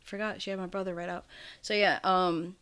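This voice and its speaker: This woman's lowish, fairly bright, clean voice keeps a level tone and moves fairly quickly. Co-hosting a podcast via video call, she chats in a rambling, profane, laugh-filled way through a remote call mic.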